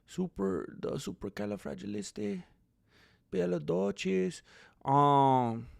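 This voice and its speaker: A male YouTuber casually chatting on a livestream and reading viewer comments, shifting from calm musing to loud disbelief. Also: fairly high pitch, dry recording, clean studio sound. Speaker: MMA news YouTuber.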